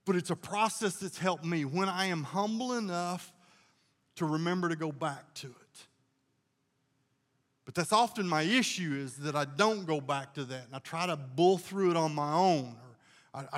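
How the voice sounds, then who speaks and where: A man's voice: on the high side, a bit bright, big-room sound. A male pastor preaching a sermon in a folksy, conversational way, telling homey stories and sometimes restarting his sentences.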